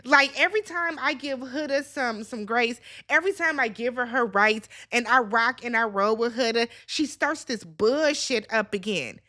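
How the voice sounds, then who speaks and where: In a casual vlog, a high-voiced woman recaps a reality show, blunt, sassy and freely swearing as she talks to her viewers like friends. Her delivery is animated and sharp-toned, at a moderate pace with few pauses.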